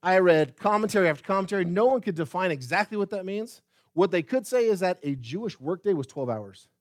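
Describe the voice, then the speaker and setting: Male pastor mid-sermon: high voice, asks his church pointed questions, dry close sound. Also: fairly quick, no room sound. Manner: animated preaching with rhetorical questions and repetition; addresses the congregation directly.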